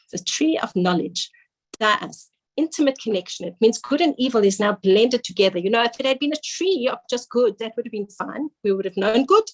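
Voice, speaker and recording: A woman's voice: a little high, poor audio. A woman giving an earnest, explanatory Torah class to women, using Hebrew and Yiddish terms. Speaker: Torah teacher.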